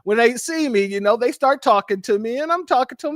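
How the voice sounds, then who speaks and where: A Californian-accented man hosts a casual live stream with a high voice. He tells stories in an animated way and laughs often. The sound is dry and close. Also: fast, few pauses, no echo.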